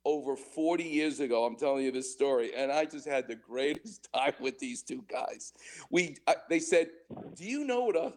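A man in his sixties hosting a call-in radio show as a doctor, an animated storyteller who laughs often. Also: medium pitch, normal speed.

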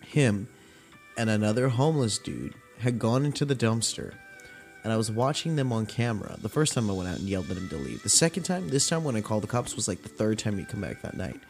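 Profane, animated young man telling stories. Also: fairly low pitch, fairly quick, gravelly, faint music behind. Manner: profane, animated retelling with acted-out quotes. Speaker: podcast host. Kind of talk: casual storytelling rant.

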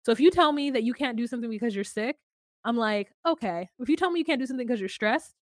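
A woman's voice: on the high side, quick pace, no room sound, clean studio sound. A woman co-hosting a podcast, chatting casually and acting out what others said in put-on voices. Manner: animated, acts out quotes in put-on voices. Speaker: podcast co-host. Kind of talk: casual chat recapping a reality show.

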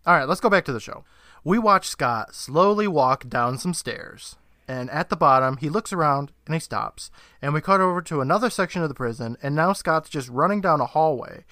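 Guy podcast cohost recapping a show, bright punchy voice, laughs a lot, swears, dry close sound. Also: fairly high pitch, expressive, normal speed, dry recording. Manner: laughing, swearing, mimics characters. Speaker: podcast co-host. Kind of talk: casual episode recap.

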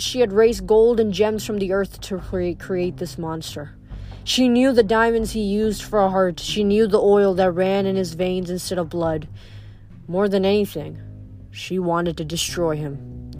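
A woman's voice: mid-range voice, measured pace, faint music behind. Woman reading a novel aloud. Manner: steady, with small slips. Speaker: reader. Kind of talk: audiobook reading.

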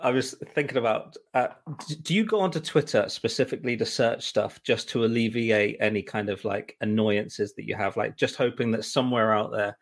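A man chatting on a podcast, telling long, rambling stories in a mildly exasperated tone. He often stops and restarts his sentences and fills pauses with ums and uhs. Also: on the low side. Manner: rambling, exasperated storytelling with many fillers. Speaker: musical director and co-host. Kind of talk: casual chat.

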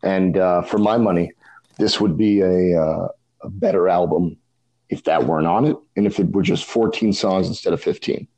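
A man's voice: low-pitched, mellow, low-quality recording. A man co-hosting a casual music podcast, talking thoughtfully with many restarts. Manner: thoughtful, halting, with frequent restarts. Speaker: podcast co-host.

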